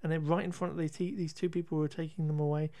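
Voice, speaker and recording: A man's voice: fairly high pitch, flat delivery, rapid-fire, dark tone, no echo. A man co-hosting a podcast, chatting casually through a film recap with frequent restarts and laughter. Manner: rambling, self-correcting, laughs often. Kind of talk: casual chat.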